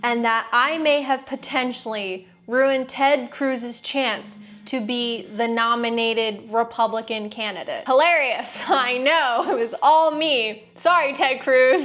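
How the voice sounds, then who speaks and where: A woman's voice: on the high side, unhurried, few pauses, fairly bright tone. A woman, candidly telling a personal story on her vlog in a frank, sarcastic way, swearing freely. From United States. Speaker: vlogger.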